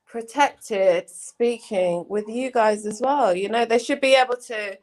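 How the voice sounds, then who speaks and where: An English woman with a fairly high voice argues her point with real passion. She talks in an emphatic, casual way on a remote call and acts out what other people said. Her delivery is heated but conversational. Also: unhurried, a little mellow. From England. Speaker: panelist.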